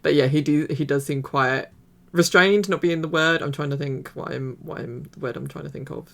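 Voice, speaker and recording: A woman's voice: deep voice, fairly quick, vocal fry, fairly bright tone. A woman hosting a reaction video, chatting casually and rambling with many fillers and restarts. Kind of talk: casual commentary.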